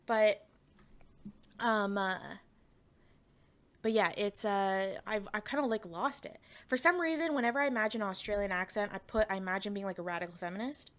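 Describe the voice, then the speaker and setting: A woman chats casually on a live stream, rambling and giggling as she talks. Her speech is full of fillers and restarts, and her voice sits at a middle pitch for a woman. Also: expressive, moderate pace, fairly bright tone.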